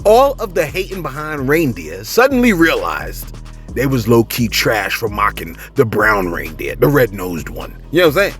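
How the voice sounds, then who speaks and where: Man, gossip commentator, animated, rambling, lively pitch, faint background music. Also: normal speed. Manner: animated, rambling, keeps saying "you know what I'm saying". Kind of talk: casual comedic commentary.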